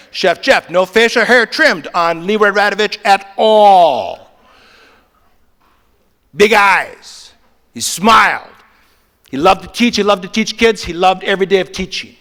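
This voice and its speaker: Older male keynote speaker, bright high voice, theatrical hush-to-animated delivery, long reverb. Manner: dramatic shifts from hushed to animated. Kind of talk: motivational keynote storytelling. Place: large conference hall. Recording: long reverb of a big hall.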